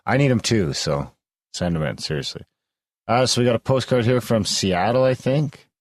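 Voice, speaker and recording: A man's voice: mid-range voice, lively intonation, moderate pace, no echo. A man co-hosting a podcast, joking and teasing in casual chat. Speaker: podcast co-host.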